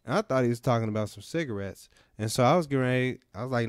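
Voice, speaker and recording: A man's voice: mid-range voice, expressive, very fast, clear, resonant tone, dry recording, clean studio sound. A man hosting a radio podcast and delivering a comedic monologue in a laid-back storytelling manner, repeating his punchlines. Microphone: studio microphone.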